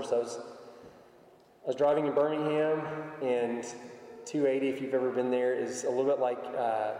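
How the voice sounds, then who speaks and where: A pastor with a mellow, mid-range voice preaches a conversational sermon, using everyday stories to make his point. He's recorded from far off in an echoey hall.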